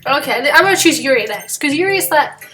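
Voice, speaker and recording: A woman's voice: sits high, lively intonation, fast talker, pushed and bright, far from the mic, soft background music. A woman chatting casually while playing a game, rambling and giggling with lots of fillers. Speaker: game player. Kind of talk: casual let's-play commentary.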